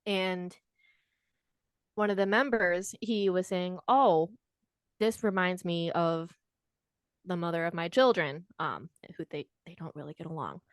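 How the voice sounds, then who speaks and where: A woman's voice: lowish voice, fairly even intonation, a little slow, long pauses, clear, resonant tone, dry recording. Chatty young woman, dry close sound. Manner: chatty, self-deprecating, fidgety. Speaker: guest. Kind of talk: casual storytelling.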